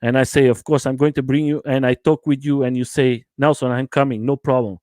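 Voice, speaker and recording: A man's voice: mid-range voice, steady tone, fairly quick, darkish tone, no echo. Eager livestream host man, dry sound. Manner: enthusiastic, repeats himself, broken English. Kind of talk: casual livestream chat.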